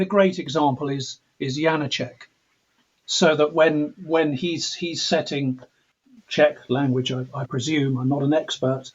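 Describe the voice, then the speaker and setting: Husky English man over dull remote audio. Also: on the high side. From England. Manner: reflective, frequent restarts and repeated words. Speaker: composer guest. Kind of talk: thoughtful conversational interview.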